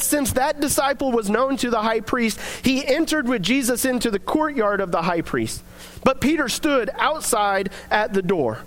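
Male preacher with a very high voice, earnest, reads verses then talks them through. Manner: reads scripture aloud, then speaks plainly and earnestly. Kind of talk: sermon.

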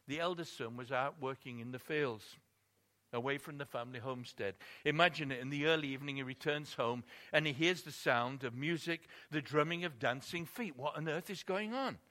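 A man's voice: a little high, sharp tone. A man preaching a sermon, telling a story expressively and building emphasis on key points.

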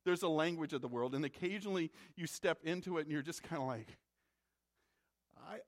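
A man from the Midwest preaching a sermon as a pastor, in a conversational way that repeats words when he presses a point. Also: on the high side.

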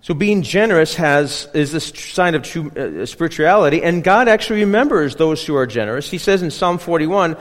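Chatty pastor in a reverberant hall. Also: male voice, on the high side, expressive, brisk, hardly any pauses. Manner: chatty, keeps checking in with the congregation. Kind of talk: conversational sermon. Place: church.

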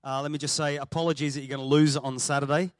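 Australian man, guest preacher, teasing sermon opener, slightly high voice, dry sound. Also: little pitch movement, fast talker, dry recording. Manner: jovial, teasing, chatty with many fillers. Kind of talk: sermon opening with jokes to a congregation. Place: church hall with a congregation.

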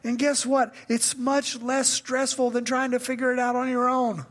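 A man's voice: extremely high pitch, flat delivery, normal speed, a bit bright. A male pastor preaching a sermon in a conversational style that builds to emphatic questions.

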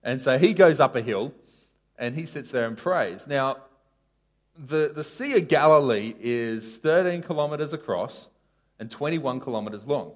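A man preaching a casual sermon, telling a story with sharp rises and drops in his voice. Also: medium pitch, moderate pace. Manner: animated storytelling, voice rising and falling sharply.

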